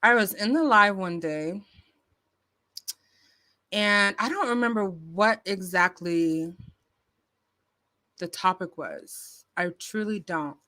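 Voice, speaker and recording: A woman's voice: medium pitch, takes it slowly, long pauses, bright, forceful tone. A woman vlogger telling a story casually into her phone, chatty, with lots of fillers and restarts. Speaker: YouTube commentary vlogger.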